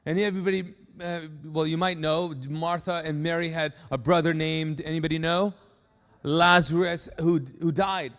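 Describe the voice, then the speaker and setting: High-voiced animated preacher in a reverberant hall. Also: male voice, moderate pace. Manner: animated, acts out quoted lines. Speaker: pastor. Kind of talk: sermon. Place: large church hall. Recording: live sermon with long hall reverb.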